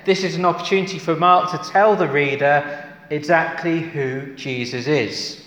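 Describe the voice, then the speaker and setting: A male preacher delivering a sermon with earnest conviction, often turning to rhetorical questions and building to emphatic exclamations. His voice sits a little higher than most men's. It rings through a church with a long, echoing reverb. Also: normal speed, fairly bright tone. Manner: asks the congregation rhetorical questions. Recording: echoey hall with long reverb.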